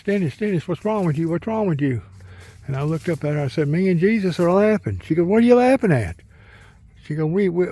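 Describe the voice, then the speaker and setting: A man's voice: medium pitch, a little mellow. A middle-aged man, rambling in a folksy way while he walks outdoors and talks to his dog. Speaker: vlogger. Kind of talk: casual outdoor vlog. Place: outdoors in the countryside by a pond.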